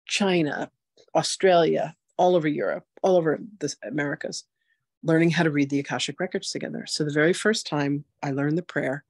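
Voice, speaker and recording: A woman in her sixties hosting a spiritual masterclass, telling her story in a chatty, animated way full of "like" and "you know". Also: low voice, brisk, slightly rough, no echo, studio quality. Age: 60s. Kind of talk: casual personal storytelling.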